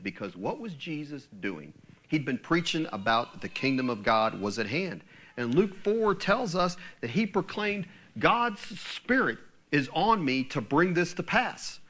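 A man's voice: medium pitch, expressive, a little slow, fairly bright tone. A man preaching a sermon, asking rhetorical questions and acting out quotes. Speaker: pastor.

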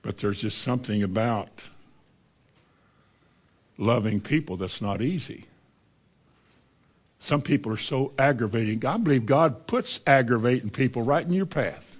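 A man, preaching a sermon in a folksy, conversational way and reading scripture aloud. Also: mid-range voice.

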